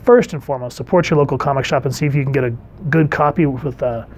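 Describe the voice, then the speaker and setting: Relaxed male comic reviewer, mid-range voice, casual chatty delivery, faint background noise. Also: medium pitch, quick pace. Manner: chatty, relaxed, reads comic panels aloud.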